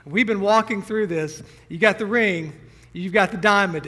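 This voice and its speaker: A man's voice: high-pitched, moderate pace, a bit bright, big-room sound. A young man preaching a sermon to his congregation, earnest and emotional, a little teary as he speaks directly to them. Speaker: pastor. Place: church sanctuary.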